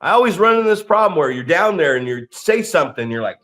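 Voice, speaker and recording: Profane, animated man telling stories. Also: on the high side, quick pace. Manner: profane, animated storytelling with acted-out quotes. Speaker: podcast co-host. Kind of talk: casual chat.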